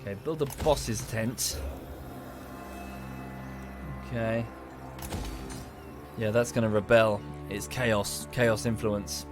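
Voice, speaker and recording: A man's voice: lowish voice, fairly even intonation, takes it slowly. Chatty male streamer over game music. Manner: chatty, thanks viewers, thinks aloud. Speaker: streamer playing a strategy game. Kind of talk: casual livestream commentary.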